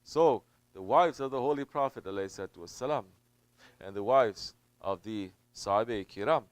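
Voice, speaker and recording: A man, a Sufi teacher, preaching a sermon in an emphatic way. He drops to low murmurs, then builds to loud, stressed peaks, and he repeats phrases for weight. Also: moderate pace, clear, resonant tone, no echo. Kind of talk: sermon answering a question.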